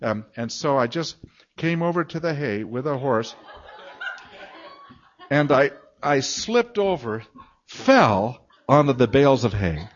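An older man delivers a storytelling sermon in a chatty, self-mocking way. His voice sits at a middling pitch but leaps around expressively. The recording is a bit dull and lo-fi. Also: big pitch swings, slow pace, pauses often. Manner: chatty, self-mocking, acts out moans and laughs. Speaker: guest preacher and Bible teacher.

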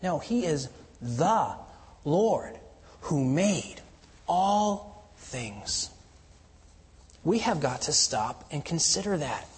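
A man's voice: fairly high pitch, slightly rough. A man preaching a sermon, explaining scripture earnestly and building to emphatic peaks. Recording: long hall reverb.

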